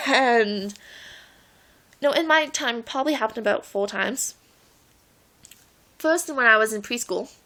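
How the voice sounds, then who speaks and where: A woman in her late teens vlogs in a rambling, giggly way, laughing often as she tells stories. Her voice is on the high side with a sharp tone, and she speaks unhurriedly with frequent pauses.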